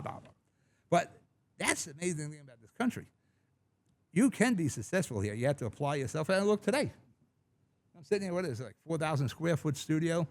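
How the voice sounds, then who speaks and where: Blunt, rambling middle-aged radio host. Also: male voice, a little high. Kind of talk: talk radio monologue. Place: large studio.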